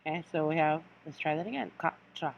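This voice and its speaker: Patient, low-voiced woman teacher. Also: vocal fry, muffled recording. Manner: slow, patient, repeats words for students to follow. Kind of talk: recorded online lesson for children.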